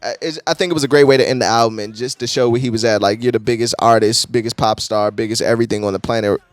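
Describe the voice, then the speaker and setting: Excitable slangy young male reviewer. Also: mid-range voice, quick pace, no room sound. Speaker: music reviewer. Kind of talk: casual reaction review.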